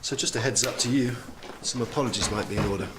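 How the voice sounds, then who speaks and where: An actor plays a steady male doctor in a TV drama, calm and reassuring, who turns urgent under pressure. His voice sits in the middle range, with a clear hiss running underneath. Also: medium pitch, fast, lightly acted. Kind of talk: TV drama acting.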